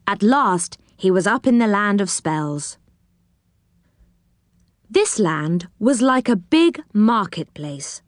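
A woman reading a children's story aloud in a gentle, unhurried storytelling manner. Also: medium pitch, no echo, studio quality.

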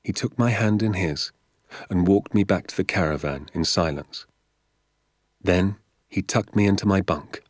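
A man narrates a story aloud in a calm, measured way, his voice very low and his pace unhurried. The sound is close and dry, with no room around it. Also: no echo. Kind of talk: audiobook narration.

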